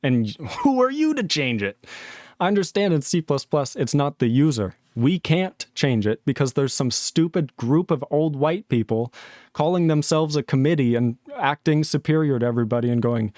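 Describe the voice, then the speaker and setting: A man's voice: fairly high pitch, animated, normal speed, a little mellow, dry recording, studio quality. A man hosting a live stream, angrily arguing with his chat and swearing a lot. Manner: angry, profane, arguing with chat. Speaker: livestream host.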